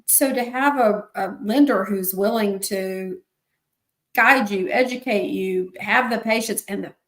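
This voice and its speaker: A woman's voice: medium pitch, a little slow, a bit bright. A woman hosting an interview, reacting to her guest and then reflecting on what she heard. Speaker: host. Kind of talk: interview chat. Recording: roomy echo.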